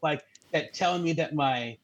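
Morning show co-host, a man with a high voice who tells crude, cheeky stories. Loose radio banter. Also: moderate pace, soft background music. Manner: crude, mocking storyteller acting out scam calls. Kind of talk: casual chat.

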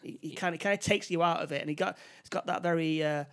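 Man, slightly high voice, casual film recap, halting, restarts, tag questions. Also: a bit bright.

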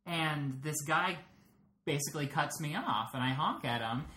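A man from Phoenix chatting casually as a guest, telling a relaxed story and acting out quotes. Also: a little high, moderate pace. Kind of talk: casual chat. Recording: roomy with faint noise.

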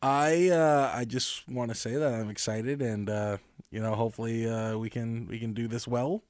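A man's voice: medium pitch, steady tone, normal speed, darkish tone, no echo, clean studio sound. A young man co-hosting a casual podcast on a headset, wry and teasing with short replies. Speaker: podcast co-host.

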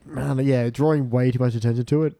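A man's voice: medium pitch, steady tone, quick pace, creaky, warm tone, no room sound. Guy rambling on a podcast, kinda tipsy, dry close sound. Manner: rambling, loose, tipsy banter. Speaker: podcast guest. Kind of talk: casual podcast chat.

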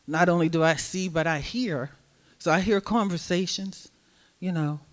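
A middle-aged woman giving a sermon as guest speaker, swinging from hushed asides to loud, emphatic preaching. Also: on the low side, moderate pace.

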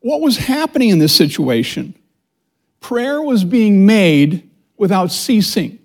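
A middle-aged man teaching a church Bible study as associate pastor, reading scripture slowly and preaching with calls to the congregation. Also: high-pitched. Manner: animated preaching with audience call-and-response; reads scripture slowly and deliberately. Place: church sanctuary before a congregation.

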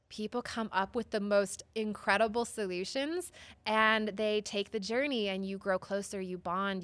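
Woman, psychotherapist guest; animated storyteller, mid-pitched, dry close mic. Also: no room sound. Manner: expressive, acts out quoted voices, many "like" and "right?". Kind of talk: storytelling in an interview.

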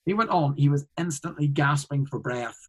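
A man's voice: on the high side, moderate pace, a bit bright, husky, low-quality recording. A man, a comedian, telling a story in a casual interview, rambling with frequent restarts and fillers. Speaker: guest, comedian.

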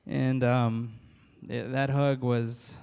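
A man, a police officer, giving a halting, earnest church testimony to a congregation, with many restarts. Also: mid-range voice, level tone, creaky, a little mellow, clear, resonant tone. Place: church hall. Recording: long reverb of a large hall.

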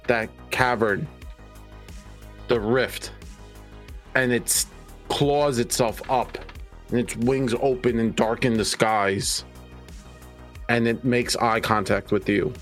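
A man narrating a tabletop game as game master, slow and descriptive. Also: mid-range voice.

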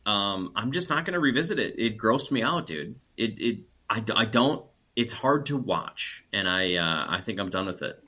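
A man's voice: fairly low pitch, animated, moderate pace, few pauses, pushed and bright. A man co-hosting a podcast, chatting casually and bluntly with a laid-back "dude" manner. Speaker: podcast co-host. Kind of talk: casual chat.

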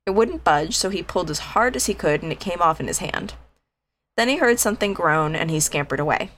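A woman co-hosting a podcast, reading a spooky children's story aloud in a casual, animated way, slowing down for drawn-out groans. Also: fairly low pitch, slight background noise. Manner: animated, reads with dramatic slow groans, laughs easily. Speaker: podcast co-host.

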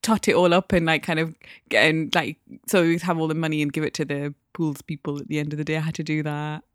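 A woman's voice: sits low, little pitch movement, fast, no echo, studio quality. A woman from Newcastle co-hosting a casual podcast, chatting and rambling through stories. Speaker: podcast co-host.

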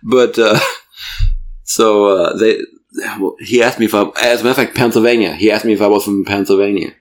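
A man's voice: fairly low pitch, fairly even intonation, a little fast. A man from Germany with a German accent, hosting a casual podcast chat and telling rambling stories in a stop-start way. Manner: rambling, stop-start storytelling with frequent laughs. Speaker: podcast host.

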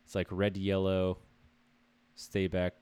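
Male podcast co-host, low voice, easygoing rambling delivery, dry sound. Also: monotone, unhurried, darkish tone, clear, resonant tone, no room sound. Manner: laid-back, laughs often, rambling with fillers. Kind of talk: casual chat.

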